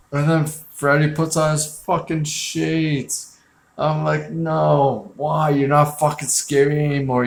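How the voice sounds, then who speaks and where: A man's voice: mid-range voice, echoey room. A man hosting a casual film review show, talking in a rambling, blunt and profane way with lots of fillers. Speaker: film review podcast host.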